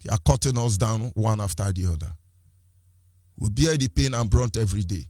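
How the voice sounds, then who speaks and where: Nigerian man, husky voice, fiery political speech, rhetorical repeats, dry close sound. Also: lowish voice, moderate pace, mellow, dry recording. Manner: fiery, rhetorical, repeats phrases, switches into Igbo and Pidgin. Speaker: activist speaker. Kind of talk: impassioned political address.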